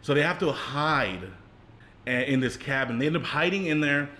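A man's voice: on the high side, normal speed, pushed and bright. Laid-back male podcaster. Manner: laid-back, slangy, swearing. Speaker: podcast co-host. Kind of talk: casual chat.

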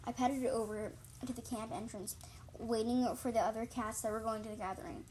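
Woman narrator, fairly high voice, halting read-aloud with many restarts. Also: steady tone, darkish tone, a little hiss or hum. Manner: stumbling, repeats and corrects words. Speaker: reader of her own story. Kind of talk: storybook reading.

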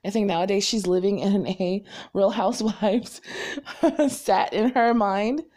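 Chatty woman podcaster rambling fast. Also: mid-range voice, darkish tone. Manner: chatty, rambling, quick bursts with frequent fillers. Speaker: podcast host. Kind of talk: casual solo podcast monologue.

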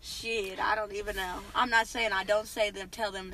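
A woman's voice: medium pitch, flat delivery, normal speed, sharp tone, distant mic, slight background noise, rough recording. A woman in a casual chat in a car, talking hesitantly and trailing off, with a good deal of slang.

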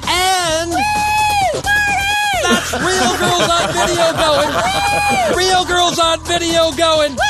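A man playing an overexcited pitchman in a shouted comedy parody ad. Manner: shouting, relentless hard sell. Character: frantic, overexcited adult male infomercial pitchman. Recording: over loud music and crowd.

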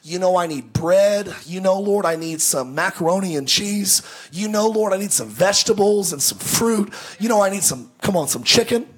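Earnest, struggling woman pleading in prayer, read by a male pastor; high, husky tone. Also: moderate pace, few pauses.

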